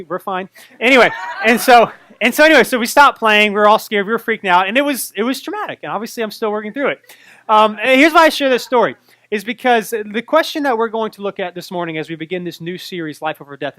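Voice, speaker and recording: A man in his thirties from North Carolina, a pastor telling a personal story in a sermon with lively storytelling. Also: high-pitched, quick pace, dry recording. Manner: animated storytelling, acts out his own fright.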